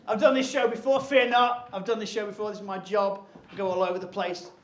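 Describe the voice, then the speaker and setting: A man doing live stand-up, chatty and self-mocking, throwing quick asides to the crowd. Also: high-pitched. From Staffordshire, England. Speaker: stand-up comedian. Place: live comedy venue. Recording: echoey venue with loud crowd laughter. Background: audience laughter.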